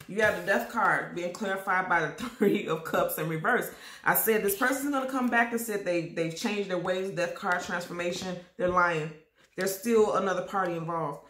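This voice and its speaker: Lady doing a tarot reading to camera, keeps coughing and clearing her throat, repeats stuff a lot, roomy echo. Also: lowish voice, fairly bright tone. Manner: repetitive, emphatic, addresses viewers directly. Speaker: tarot reader.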